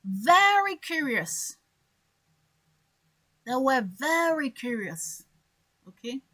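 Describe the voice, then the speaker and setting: A woman's voice: high-pitched, sing-song, drawn-out words, a bit bright. A woman coaching an online English class, stretching key words and acting out examples. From French-speaking Africa. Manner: stresses words by drawing them out, acts out examples.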